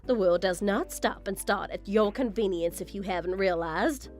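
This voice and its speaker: A woman's voice: mid-range voice, normal speed, darkish tone, lightly acted. A woman playing a haughty scornful mother-in-law. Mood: impatient. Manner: condescending, self-admiring. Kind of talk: scripted text-story drama.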